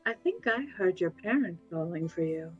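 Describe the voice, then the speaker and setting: A woman's voice: lowish voice, expressive, moderate pace, slightly rough, muffled recording, faint music behind. A woman doing a protective adventurer in a tabletop game, her voice close to her own. The adventurer is dry and mischievous. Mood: sly.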